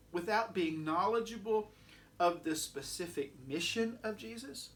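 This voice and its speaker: Lively high-voiced preacher. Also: male voice. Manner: rhetorical questions, swelling then dropping to a hush. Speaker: pastor. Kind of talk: sermon.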